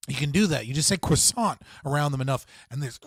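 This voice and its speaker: A man's voice: mid-range voice, lively intonation, fast talker, husky. A young man hosting a casual livestream, rambling and swearing, often restarting sentences and laughing. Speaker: livestream host.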